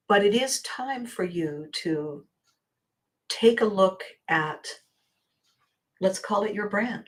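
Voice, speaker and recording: Animated woman hosting a storytelling talk. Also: medium pitch. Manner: animated, acts out scenes with quoted voices; laughs often, drops to quiet asides. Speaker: podcast host and coach. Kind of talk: storytelling monologue.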